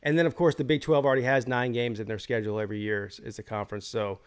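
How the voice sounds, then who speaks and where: A man's voice: medium pitch, level tone, very fast, clear, resonant tone. A man hosting a live college football call-in show, giving his opinions in rambling casual talk full of restarts.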